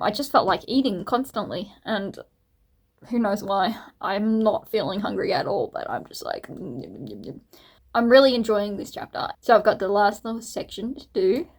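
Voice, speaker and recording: A woman, a book vlogger, chatting casually to camera at home in a rambling way with laughs. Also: medium pitch. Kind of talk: casual vlog chat to camera.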